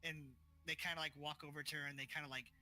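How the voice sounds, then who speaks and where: This man runs a tabletop game, giving loose, filler-heavy narration and doing voices for the characters. He speaks fast with a fairly high pitch, a flat delivery, and a sharp tone.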